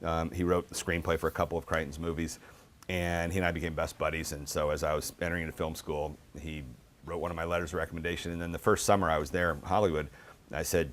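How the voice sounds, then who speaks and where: A middle-aged man giving a book talk, telling casual, animated anecdotes with lots of fillers. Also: very deep voice, fast talker, slight background noise. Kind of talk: storytelling talk.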